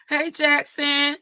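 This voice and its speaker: A woman's voice: high voice, bright, forceful tone, dry recording, lo-fi sound. Chatty woman livestreaming. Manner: chatty, laughing, greets viewers by name, slangy. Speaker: livestream host. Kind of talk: casual livestream chat reading viewer comments.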